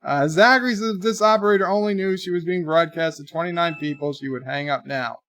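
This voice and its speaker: Chatty male streamer in his forties, slightly high voice, reads out chat messages, dry close sound. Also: fast, a bit bright, no echo. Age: 40s. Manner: chatty, reads viewer messages aloud in a lifted voice. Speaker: livestream host. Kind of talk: casual live commentary, reading viewer chats.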